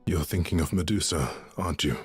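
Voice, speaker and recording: Gentle male god, very deep voice, husky, calm, consoling, faint music behind. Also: a little fast. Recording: game audio with faint music beneath.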